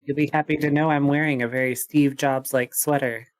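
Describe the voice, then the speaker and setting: A man co-hosting a casual podcast, cracking deadpan jokes and breaking into giggles. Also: on the high side, fairly quick, no echo. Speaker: podcast co-host.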